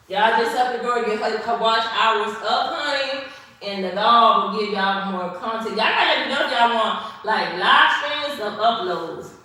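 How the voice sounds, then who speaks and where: A woman's voice: fairly high pitch, sharp tone, far from the mic, slight background noise. A woman hosting a casual stretching livestream, chatty and sassy, talking straight to her viewers and a little winded from the effort. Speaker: livestream host doing a stretching session. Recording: very echoey room, voice off-mic.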